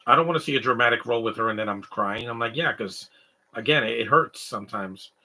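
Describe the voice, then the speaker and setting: A young man from Canada co-hosting a live stream, rambling through casual comedic chat. His voice is very bright and husky, and his talk is animated and digressive. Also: mid-range voice, quick pace. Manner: rambling, animated, mimics stutters and sobbing noises.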